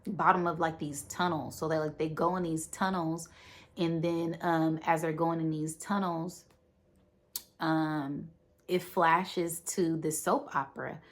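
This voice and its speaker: A woman with a fairly low voice recaps a movie in a loose, rambling way. She keeps adding filler words and slips briefly into the characters' lines. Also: flat delivery, unhurried. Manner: rambling, with many fillers and acted-out quotes. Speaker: movie reviewer.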